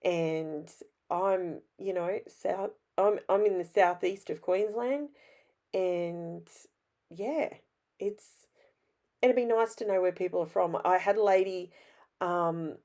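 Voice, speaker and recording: Aussie lady with a scratchy sick throat, chatty craft voiceover, slow and kinda low. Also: darkish tone. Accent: Australian. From Australia. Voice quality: raspy. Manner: chatty, rambling and self-deprecating. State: hoarse from illness. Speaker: scrapbooking vlogger. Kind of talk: casual voice-over narration.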